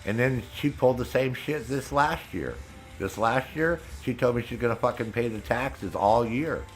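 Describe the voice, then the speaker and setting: A man's voice: medium pitch, normal speed, soft background music. A man streaming a video game, venting angrily in casual talk with constant swearing. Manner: angry venting, heavy swearing. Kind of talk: casual chat while gaming.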